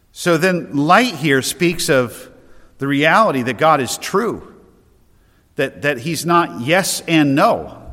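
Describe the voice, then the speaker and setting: Earnest pastor in a reverberant hall. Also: male voice, mid-range voice, fairly bright tone. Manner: earnest, emphatic, with repeated restarts. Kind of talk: sermon.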